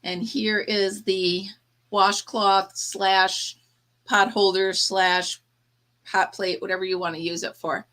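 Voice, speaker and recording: A woman's voice: medium pitch, flat delivery, slow pace, fairly bright tone. A woman hosting a casual live chat, tired and yawning, chatty and laughing often as she talks to her viewers. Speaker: livestream host.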